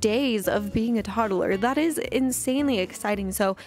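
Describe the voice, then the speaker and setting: Woman, high voice, excitable chatty let's-play commentator talking to viewers. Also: normal speed, faint music behind. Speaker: gameplay commentator.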